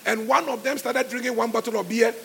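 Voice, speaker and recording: Male pastor, high gravelly preaching voice, forceful, call-and-response sermon, faint music behind. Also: fairly even intonation, fairly quick, a little hiss or hum. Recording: live church sermon with music underneath.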